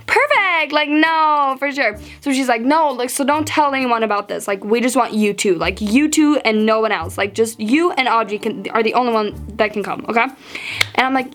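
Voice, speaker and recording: A teenage girl vlogger tells a storytime in a bright, high voice, chatty, animated, and a little fast. Fillers pepper every sentence, and she jumps into acted-out quotes of herself and her friends while soft music plays faintly behind her.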